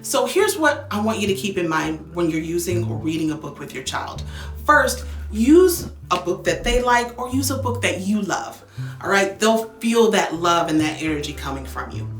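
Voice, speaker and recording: A woman's voice: fairly low pitch, lively intonation, normal speed, roomy sound, soft background music. A woman who is a speech language pathologist, giving upbeat, coaching advice to parents and demonstrating with exaggerated tones. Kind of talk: instructional talk to parents.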